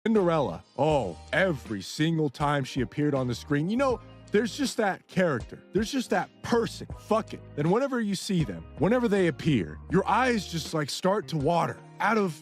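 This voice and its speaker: Animated man ranting over faint music. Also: high-pitched. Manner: animated, rambling, swearing. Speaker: video creator. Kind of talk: reaction commentary. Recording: video playback with faint music.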